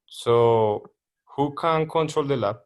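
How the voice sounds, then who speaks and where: A man's voice: medium pitch, slow pace, a little mellow. Male student, medium voice, brief plain replies. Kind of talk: classroom practice dialogue.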